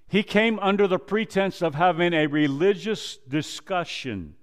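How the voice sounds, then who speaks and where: A male pastor preaching a sermon, quoting scripture and acting out dialogue, swinging from loud emphasis down to a low hush. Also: animated. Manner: preaches slowly, rises loud then drops to a low hush; quotes scripture and acts out dialogue.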